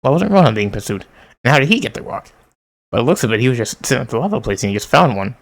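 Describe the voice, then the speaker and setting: A man casually reading a manga aloud, reading out the character lines, commenting and laughing as he goes. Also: medium pitch. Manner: reads character lines in quick voices and laughs often; excited outbursts. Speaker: manga reader. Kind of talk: casual read-along with commentary.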